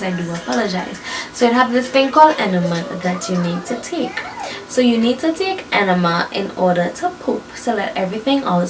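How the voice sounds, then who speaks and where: A young woman telling her birth story to viewers in a lively, chatty way, often calling them y'all and laughing. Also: medium pitch, far from the mic, background noise.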